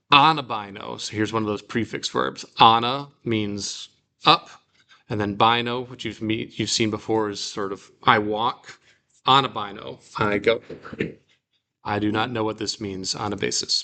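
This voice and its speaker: Bright-voiced man teaching Greek. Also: on the low side, steady tone, creaky. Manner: explains slowly, reads example sentences aloud, casual fillers. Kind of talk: relaxed classroom teaching.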